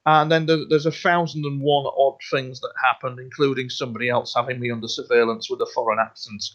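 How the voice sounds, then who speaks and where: A man of middle pitch, talking earnestly as a guest on a radio show. He rambles and doubles back over his words. The recording is dull and lo-fi. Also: flat delivery, quick pace, a bit bright. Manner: rambling, repeats himself, earnest. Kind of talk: radio interview. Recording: dull lo-fi sound.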